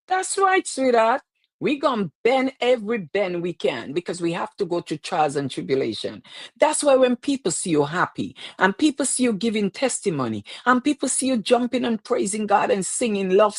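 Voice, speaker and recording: A woman's voice: fairly low pitch, no echo. A woman hosting a casual livestream show, chatting and preaching to viewers and greeting them by name. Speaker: host of a live-streamed talk show. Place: lives in New York.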